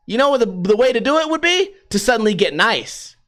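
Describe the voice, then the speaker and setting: A man's voice: high voice, very animated, fast talker, few pauses, a bit bright. A man in his thirties hosting a podcast, telling crude, rambling stories in a casual comedic monologue and laughing often. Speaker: podcast host.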